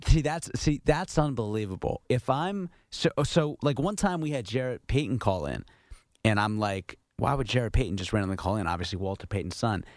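A man working as producer on a sports radio show, bantering quickly and jokingly with the host. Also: lowish voice, lively intonation, dry recording, studio quality. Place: radio studio. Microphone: studio microphone.

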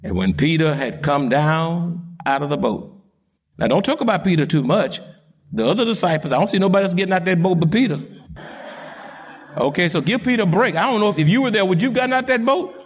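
A man preaching a sermon in a dramatic, animated storytelling way, chuckling as he goes. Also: high-pitched, normal speed, long pauses.

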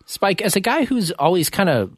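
A man's voice: high-pitched, sing-song, moderate pace, no room sound. A man co-hosting a radio show, chatting casually and asking easygoing questions. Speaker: radio co-host. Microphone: studio microphone.

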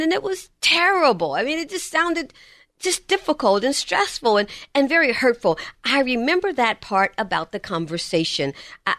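Lively woman preaching a sermon. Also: on the high side, dry recording, studio quality. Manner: swells and drops between emphatic and hushed lines.

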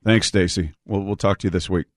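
A man's voice: low-pitched, fairly even intonation, a little fast, dry recording, studio quality. A male radio host speaking reflectively on a call-in show, often restarting his words. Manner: warm repetitive restarts, reflective. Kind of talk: call-in radio tribute chat. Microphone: studio mic.

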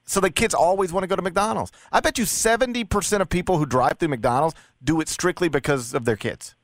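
A man's voice: sits high, brisk, no echo, clean studio sound. A middle-aged man hosting a casual talk radio show, making his case with stammered restarts. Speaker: radio host.

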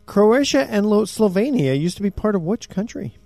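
A man's voice: high voice, very animated, moderate pace, creaky, warm tone, no room sound. A man hosting an investing radio talk show, upbeat and steering the conversation.

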